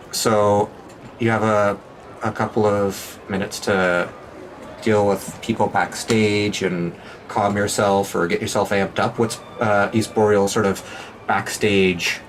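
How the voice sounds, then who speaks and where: A man running a tabletop game as game master, narrating in a playful manner with frequent laughs and quick asides. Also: on the low side, little pitch movement, a little hiss or hum.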